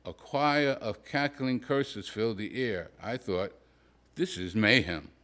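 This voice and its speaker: A man, a poet at a live reading, reading a humorous prose story aloud in a dry, wry, deadpan way. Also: on the low side. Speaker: poet reading his work.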